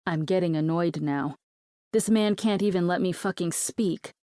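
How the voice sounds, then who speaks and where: A woman narrates a first-person romance audiobook in a steady, intimate storytelling voice. Her voice sits a little low, and the recording is dry and close. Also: moderate pace, no echo.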